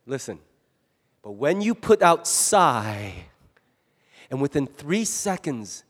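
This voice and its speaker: Male pastor, sermon, high voice, animated delivery, long hall reverb. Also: measured pace. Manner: animated, acts out quoted voices.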